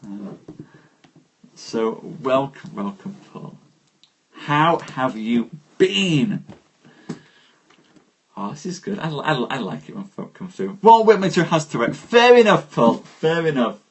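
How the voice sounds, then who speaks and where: Slow, husky-voiced man hosting a stream. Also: medium pitch, very animated. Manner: unhurried, greets viewers warmly by name. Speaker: live-stream host. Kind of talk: poetry reading and chat with live viewers.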